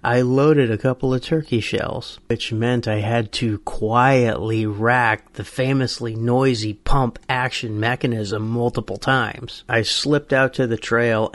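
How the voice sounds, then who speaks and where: A man's voice: mid-range voice, no echo. A middle-aged man hosting a radio show, telling a story in a folksy, humorous way. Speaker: radio host.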